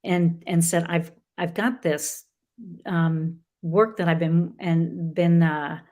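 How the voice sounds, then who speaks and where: A middle-aged woman, a guest author in a conversational interview, who talks in an earnest, halting way with many restarts. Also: on the low side, steady tone, darkish tone.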